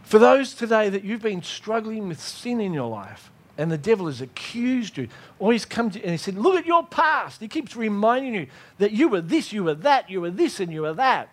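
Animated high-voiced male preacher. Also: normal speed, few pauses. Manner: animated, acts out dialogues with God. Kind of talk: sermon.

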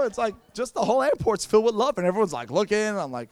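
A man's voice: very high-pitched, animated, quick pace, hardly any pauses, dry recording. A man preaching a sermon, telling playful stories and acting out quotes. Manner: playful storytelling with acted-out quotes.

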